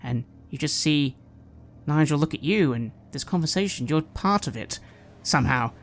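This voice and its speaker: A woman runs a tabletop horror game as game master, with a very low voice. She narrates in a measured, dramatic way. Her descriptions build tension steadily. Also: expressive, slight background noise.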